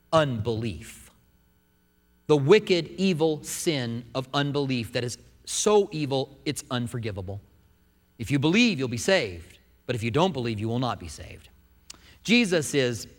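A man's voice: on the high side, a bit bright, in a large hall. A man preaching a sermon in a church, earnest and conversational, often restarting his phrases. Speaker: pastor. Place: church sanctuary.

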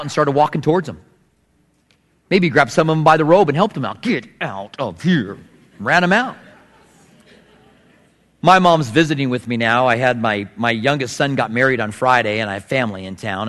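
A middle-aged man preaching a sermon, telling stories and acting out voices with big swings in pitch. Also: fairly bright tone. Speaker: pastor. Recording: long hall reverb.

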